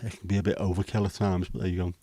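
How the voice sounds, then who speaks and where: With no room sound at all, a Liverpudlian man talks very fast in a low, warm voice that barely moves in pitch. He's hosting a casual livestream, rambling and hesitating through viewer comments with the odd curse.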